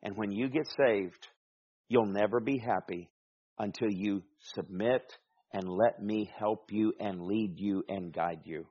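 A man's voice: lowish voice, a little slow, dark tone, breathy edge, muffled recording. A man preaching an expository sermon, reading scripture aloud and explaining it with emphatic, rising delivery.

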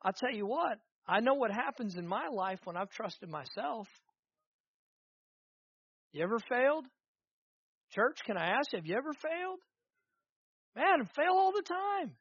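A man's voice: extremely high pitch, sing-song, unhurried, pauses often, a bit bright, husky, no echo, highs cut off. A man preaching a sermon as pastor, with rising fervor and repeated emphatic phrases.

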